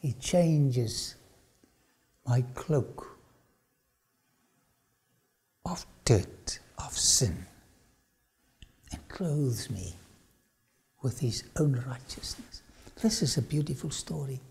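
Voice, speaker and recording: A man's voice: mid-range voice, animated, gravelly, a little mellow. A man preaching a dramatic sermon-style lecture, often dropping suddenly to a whisper. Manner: slow dramatic delivery with sudden drops to a whisper.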